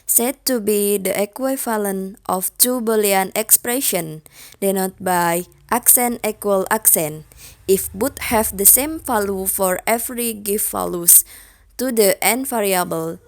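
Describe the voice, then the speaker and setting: A young woman, a student, slowly reading out a lesson on formulas term by term, with long pauses between the terms. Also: mid-range voice. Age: young adult. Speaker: student presenter. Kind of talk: slow read-aloud lesson.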